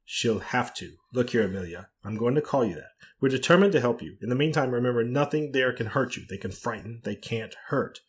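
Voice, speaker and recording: A man voicing a forceful, indignant middle-aged woman, the rector's wife, who speaks insistently. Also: mid-range voice, lively intonation, fairly quick, hardly any pauses, pitched above the performer's own voice, lightly acted. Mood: forcible. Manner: insistent and forcible.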